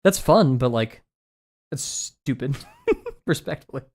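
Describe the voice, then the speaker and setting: A man's voice: mid-range voice, very animated, slow pace, a little mellow. Giggly rambling guy. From United States. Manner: rambling, giggly, lots of filler "like". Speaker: streamer. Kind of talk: casual chat while drawing on a livestream.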